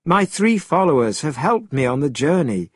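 Guy playing a gentle polite monk, a bit high, husky, slow storybook voice. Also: big pitch swings, no room sound, clean studio sound. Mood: earnest. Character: gentle, earnest male monk.

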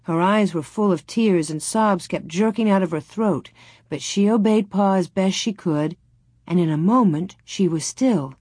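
A woman calmly reading a storybook aloud in a measured narrating voice. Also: medium pitch, breathy edge, no room sound, clean studio sound. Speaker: audiobook narrator.

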